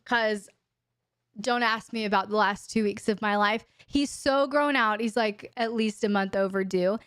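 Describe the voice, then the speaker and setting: A woman's voice: mid-range voice, steady tone, unhurried, a bit bright, clear, resonant tone, dry recording, clean studio sound. A woman hosting a live question-and-answer stream from home, talking frankly and casually into a desk microphone. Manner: chatty, frank, talks to her dog in baby talk.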